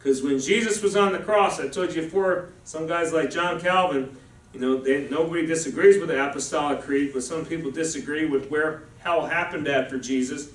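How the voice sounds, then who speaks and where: A man's voice: a little high, moderate pace. A man preaching a sermon as pastor in a conversational, folksy way, with frequent asides to the congregation. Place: church. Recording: echoey room, voice from a distance.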